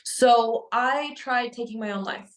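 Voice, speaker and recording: A young adult woman telling a personal spiritual story to camera in an earnest, halting way, with frequent restarts and fillers. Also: fairly high pitch. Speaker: spiritual vlogger. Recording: echoey room.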